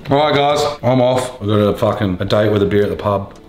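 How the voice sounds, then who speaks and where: A man's voice: lowish voice, quick pace, echoey room, soft background music. An Australian man hosting a casual cooking show, joking crudely and swearing constantly as he cooks in a kitchen. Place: home kitchen.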